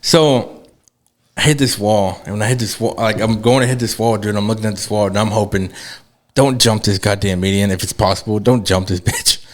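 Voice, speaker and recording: Animated swearing male podcast host. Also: fairly low pitch, a little fast. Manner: animated storytelling, acts out voices of others; swears heavily, says dude and bro. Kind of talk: casual chat.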